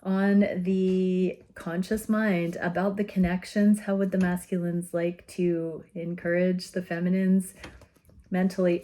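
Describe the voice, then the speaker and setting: A woman giving an intuitive tarot reading, speaking in a gentle, soothing and earnest way with soft laughs. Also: lowish voice, flat delivery. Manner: slow, gentle and soothing, often laughing softly; earnest and openly emotional. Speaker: tarot reader.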